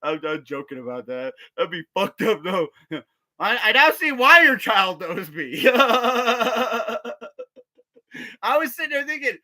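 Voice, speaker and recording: Casting: bright-toned guy, meandering and profane, laughing through his own stories. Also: high-pitched, very animated, a little slow. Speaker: vlogger. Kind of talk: casual rambling storytelling.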